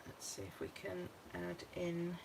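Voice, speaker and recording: A woman's voice: lowish voice, completely flat delivery, unhurried, creaky, noisy background. A British woman talking through her scrapbooking as she works, chatting and thinking aloud. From United Kingdom. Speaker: craft vlogger. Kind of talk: casual crafting walkthrough.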